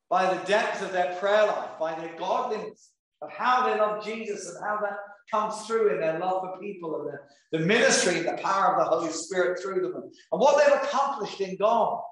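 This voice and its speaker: A man preaching a sermon, reading scripture slowly and deliberately between conversational asides. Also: high-pitched, lively intonation, a bit bright. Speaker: pastor. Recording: very echoey room.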